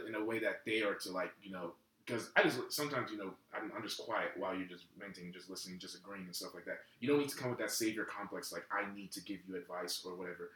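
A man hosting a relaxed podcast chat, easygoing and calling his guest bro. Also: fairly low pitch, roomy sound, rough recording. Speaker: podcast host. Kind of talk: casual chat.

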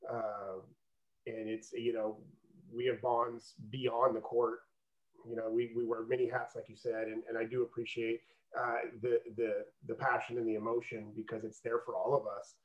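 A man with a mid-pitched voice talks in an earnest, affirming way during a casual podcast chat. He is a coach responding to a co-host. His voice sounds roomy and somewhat dull, as if captured at a slight distance in a reflective space. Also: flat delivery, moderate pace.

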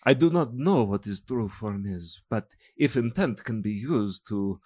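A man's voice: fairly low pitch, animated, mellow, husky, no echo. Man voicing a solemn, formal wanderer. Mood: guarded. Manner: formal, measured, no contractions.

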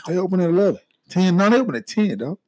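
A man's voice: high voice, big pitch swings, quick pace, darkish tone, no echo. A man co-hosting a casual podcast from St. Louis, joking and repeating himself as he talks. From St. Louis, USA. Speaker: podcast co-host. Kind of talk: casual chat.

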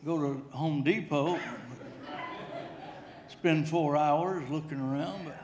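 A middle-aged male preacher tells a humorous story from the pulpit, circling back over his own words. His voice sits fairly high for a man. The sound echoes through a church sanctuary. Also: slow, crowd noise. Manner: storytelling with humor, repeats himself. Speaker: pastor. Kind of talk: sermon.

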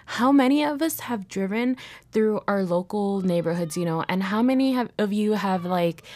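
A woman's voice: mid-range voice, a little mellow, dry recording. A young woman hosting a solo podcast, speaking in a heated way, swearing often and restarting her sentences. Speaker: podcast host. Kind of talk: casual solo podcast monologue.

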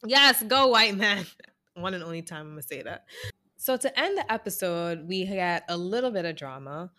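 A woman's voice: on the low side, brisk. A woman co-hosting a podcast, recapping casually and expressively, swearing and acting out what people said. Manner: expressive storyteller, acts out voices, swears. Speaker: podcast co-host. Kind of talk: casual chat.

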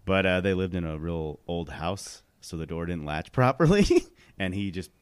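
A man's voice: deep voice, expressive, moderate pace, smooth, no room sound. A man telling a funny story in casual podcast chat, laughing often.

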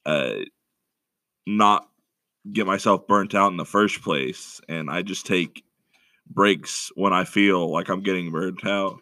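A man's voice: sits low, takes it slowly, bright, forceful tone, dry recording, clean studio sound. A young college-aged man co-hosting a podcast, rambling in a self-mocking way in casual chat. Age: young adult. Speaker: podcast co-host.

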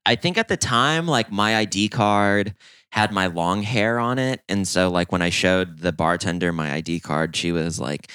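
Young man, low register, lively co-host who acts out scenes; dry recording. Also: a little fast, smooth, no echo. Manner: animated storyteller, acts out voices, laughs often. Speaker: podcast co-host. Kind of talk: casual storytelling chat.

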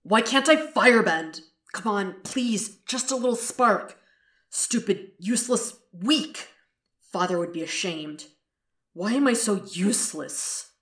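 A woman's voice: on the low side, animated, unhurried, husky, no room sound, studio quality, full character voice. A woman reading a fan podcast story, voicing a brooding teenage boy prince who berates himself in a strained, tense voice. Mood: frustrated.

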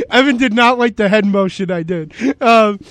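A man's voice: high voice, no room sound. A man from New York making playful, jokey football picks on a casual sports show. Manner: playful, jokey, animated storytelling. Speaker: co-host picking games.

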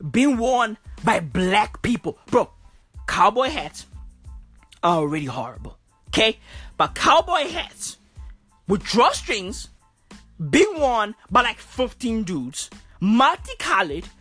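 A woman tears through a crude comedic rant at a slow, drawn-out pace, her pitch swinging widely as she keeps circling back to the same complaints. Her voice is husky, and she breaks into loud, exasperated shouts. The sound is dry and close, with faint music behind her. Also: dry recording. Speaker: comedic ranter.

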